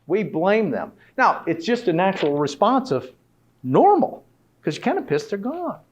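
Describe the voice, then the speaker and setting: A man's voice: high-pitched, wildly swooping pitch, normal speed, husky. A middle-aged man giving a conversational health talk to an audience, often tossing out rhetorical questions. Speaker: health speaker.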